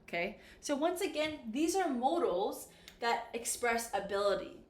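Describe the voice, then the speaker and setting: A woman teaches English in a slow, careful way, her higher voice rising and falling a lot as she models each sound. The room around her is echoey. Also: sing-song. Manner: slow, clear, exaggerated pronunciation demos. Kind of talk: classroom-style grammar lesson.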